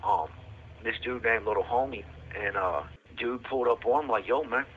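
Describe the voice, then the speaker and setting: A man's voice: fairly low pitch, normal speed, a bit bright, slight background noise. A man telling a rambling story with lots of fillers and street slang, recorded over a prison phone line. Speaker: podcast host telling his own story.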